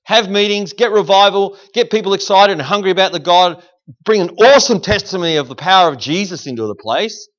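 A man preaches with fire and drives call-and-response with his congregation. His voice sits high for a man. The recording is dull and lo-fi. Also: animated, fairly quick, a bit bright. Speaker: guest preacher. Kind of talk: sermon. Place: church service.

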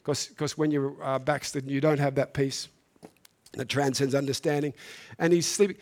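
A man's voice: medium pitch, steady tone, moderate pace, darkish tone. A man preaching a sermon, reading scripture and then speaking earnestly, building to emphatic peaks and often restarting his phrases.

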